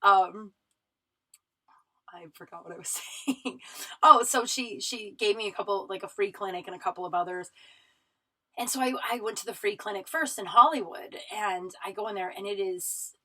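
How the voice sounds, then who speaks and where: A woman's voice: mid-range voice, normal speed, sharp tone, low-quality recording. Tearful woman rambling through a story. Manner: emotional, rambling, many restarts and fillers. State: tearful, runny nose. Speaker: podcast host. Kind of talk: personal storytelling monologue. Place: home recording room.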